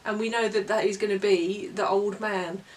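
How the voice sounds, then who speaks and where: A woman co-hosts a relaxed book review. She talks expressively and reads passages with drama. Her voice sounds slightly far from the microphone, at a middle pitch. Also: normal speed. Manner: expressive storyteller, dramatic when reading aloud. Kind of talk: casual book review chat. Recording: voice a little far from the mic.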